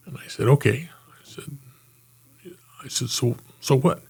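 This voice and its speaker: An older retired homicide lieutenant telling anecdotes in a casual interview, acting out quotes and laughing often. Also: male voice, mid-range voice, measured pace, breathy edge.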